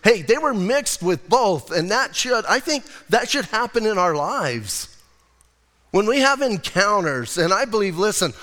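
Animated preaching man in a reverberant hall. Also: high-pitched. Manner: animated, conversational preaching with acted-out quotes. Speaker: pastor. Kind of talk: sermon.

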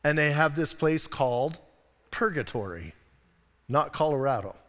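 A man's voice: a little high, fairly even intonation, normal speed, a bit bright. An American male pastor preaching a casual, chatty sermon full of rhetorical questions and asides. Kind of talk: conversational sermon. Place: church sanctuary. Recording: long church-hall reverb.

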